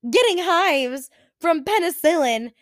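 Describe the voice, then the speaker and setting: A woman in her twenties telling a story in an animated, exasperated way. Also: very high voice, measured pace, dry recording. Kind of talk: storytime vlog.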